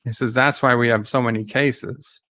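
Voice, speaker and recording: A man giving live commentary on a debate. He paraphrases the speakers, reads out viewer chat and gets excitable at times. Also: medium pitch, moderate pace.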